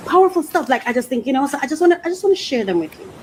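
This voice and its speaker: A woman hosting a faith podcast, talking casually and emotionally, laughing often and slowing down when she reads aloud. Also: high voice, a little hiss or hum, low-quality recording. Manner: emotional and expressive, laughs often, restarts sentences; slows down when reading aloud. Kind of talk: casual reflective monologue.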